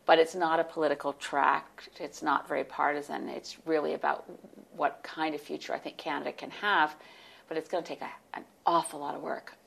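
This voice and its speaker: A woman in her sixties telling stories as a guest in an interview, animated and warm, with laughs. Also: low-pitched, fairly quick, vocal fry, slightly rough. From United States. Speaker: guest, party leader. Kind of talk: storytelling in interview.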